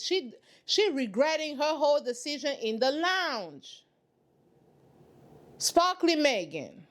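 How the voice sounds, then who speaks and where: A woman's voice: high voice, very animated, unhurried, a bit bright, faint music behind. A woman hosting a reaction channel, giving sassy, emphatic commentary in casual slang.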